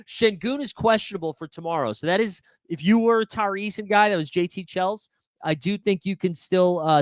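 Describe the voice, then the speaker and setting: A man's voice: high-pitched, a bit bright, no room sound, studio quality. A man hosting a live fantasy sports stream, answering viewer questions in a chatty, laid-back and jokey way, with lots of filler words. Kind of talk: live-stream Q&A, casual chat.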